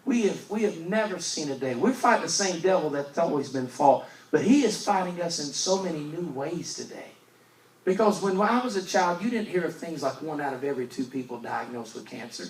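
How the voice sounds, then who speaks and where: Emphatic evangelist in a roomy church. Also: male voice, a little high, animated, moderate pace. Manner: emphatic, swings from loud to hushed. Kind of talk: storytelling sermon. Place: church sanctuary. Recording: roomy church recording from a distance.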